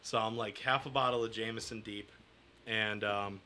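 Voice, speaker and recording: Young New guy, very bright tone, rambling crude anecdote, podcast guest. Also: on the low side, steady tone, moderate pace, a little hiss or hum. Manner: crude, rambling, laughing through his story. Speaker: comedian guest. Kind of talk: casual storytelling.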